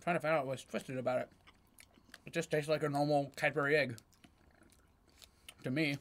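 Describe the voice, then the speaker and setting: A man's voice: fairly high pitch, fairly even intonation, normal speed, a bit bright, slight background noise. An American man hosting a casual taste test, humming as he tastes and giving scores. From United States. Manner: lots of appreciative hums while tasting. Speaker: taste-test show host. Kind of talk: casual chat.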